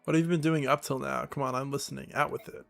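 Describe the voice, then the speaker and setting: Man voicing a blunt impatient king, game dialogue, gravelly. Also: mid-range voice, steady tone, quick pace, soft background music, close to an everyday voice.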